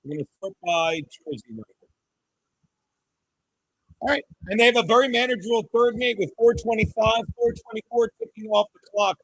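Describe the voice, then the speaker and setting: A man hosting a casual sports watchalong stream, talking excitably with profanity and joking asides to his chat. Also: sits high, moderate pace, rough recording. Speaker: livestream host.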